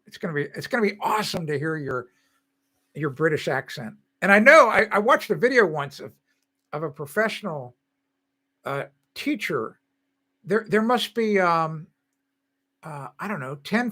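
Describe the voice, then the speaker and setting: A man's voice: on the high side, bright, forceful tone. An older man hosting a live stream, chatting casually and rambling with viewers, often laughing.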